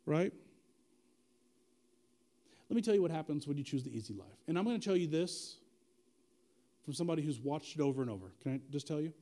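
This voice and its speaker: A male pastor preaching a sermon in an animated, conversational way, using slang and asking the congregation direct questions. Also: sits high, fairly quick.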